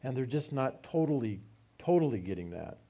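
A man's voice: medium pitch, big pitch swings, fairly quick, mellow. Man teaching the Bible conversationally. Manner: informal, explains scripture verse by verse with asides.

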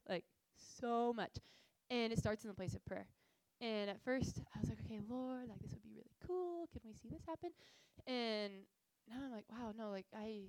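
In poor audio with no echo, a young woman with a mid-range voice addresses a group as a missions speaker. Her faith talk is casual and earnest, told through animated stories with frequent fillers.

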